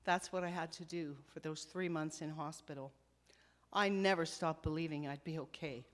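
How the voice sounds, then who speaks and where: Heartfelt, low-voiced middle-aged woman. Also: fairly even intonation. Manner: slow, heartfelt storytelling with soft dips. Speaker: speaker sharing testimony. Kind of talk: spoken testimony to a congregation.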